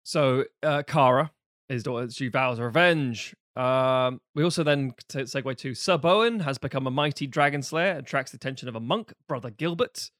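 A man co-hosting a film podcast in casual chat, reading out a synopsis with quick asides and casual swearing. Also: medium pitch, fairly bright tone, no room sound, clean studio sound. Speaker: podcast co-host.

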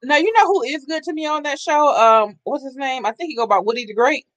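A man hosting a casual chat about TV shows, reacting excitedly and asking questions. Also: very high voice, a little fast, no room sound.

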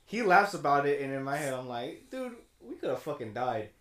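A young man with a mid-pitched voice tells a drunk story. He rambles and swears, with many restarts, as a podcast co-host chatting with friends. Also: a little fast. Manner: rambling and profane, restarts a lot, gets loud when excited. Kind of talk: casual chat, storytelling.

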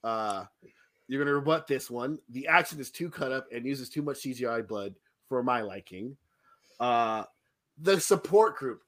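A man's voice: mid-range voice, moderate pace. A man co-hosting a podcast, chatting casually and jokingly complaining about a movie. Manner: animated, joking, complains with laughs. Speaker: podcast co-host. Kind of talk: casual chat, film review.

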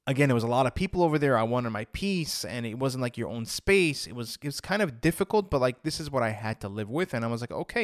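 A man's voice: medium pitch, no echo. Candid man telling his story, dry close sound. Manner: candid, rambling, with frequent restarts. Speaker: podcast host. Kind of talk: personal storytelling monologue.

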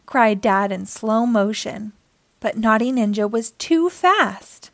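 A woman hosting storytime, reading a children's book aloud with expressive storytelling. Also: on the high side, slow pace, no room sound. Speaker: storytime host.

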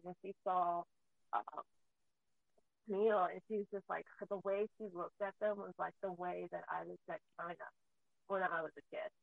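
A woman's voice: on the low side, vocal fry, no room sound. A woman, a mother, chatting casually as a host and telling stories freely with plenty of swearing. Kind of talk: casual chat. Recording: tinny phone-like dry sound.

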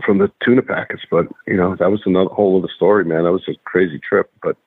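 A man's voice: low voice, steady tone, fast talker, breathy edge, dry recording. A man, a guest and former pro wrestler, telling rambling, profane stories in casual chat with lots of restarts. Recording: tinny phone-like line, dry.

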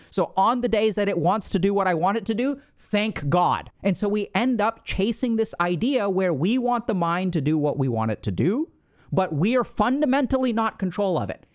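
A man hosting a podcast, explaining in a casual, animated way, often acting out inner voices and asking "right?". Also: high-pitched, normal speed. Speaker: podcast host.

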